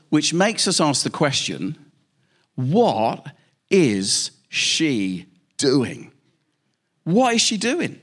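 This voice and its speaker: A man preaching a sermon, telling stories with lively emphasis and repeated questions. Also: a little high, very slow, long pauses.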